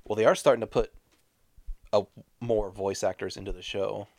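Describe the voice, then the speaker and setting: A man's voice: on the low side, fairly even intonation, moderate pace, vocal fry, darkish tone, no room sound. A man co-hosting a podcast, cracking dry jokes and asking the others questions. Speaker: podcast co-host. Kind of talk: casual chat.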